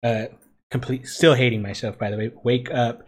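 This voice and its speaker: A young man in his twenties tells a story to friends on a podcast, in a voice of middling pitch. He talks in loose, casual chat, swears without a second thought and keeps breaking into laughter. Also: steady tone, normal speed, a little mellow. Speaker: podcast co-host.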